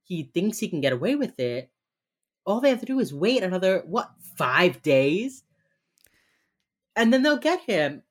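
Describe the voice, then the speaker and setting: A young woman talks unhurriedly in a fairly low voice, pausing often. She's co-hosting a podcast and casually recapping a TV episode, animated as she voices the characters' lines.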